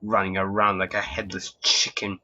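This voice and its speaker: A menacing thug growls out threats in a lowered voice, as a man plays him. The tone is dark and mellow throughout. The recording sounds dull and lo-fi. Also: completely flat delivery, moderate pace, exaggerated voice.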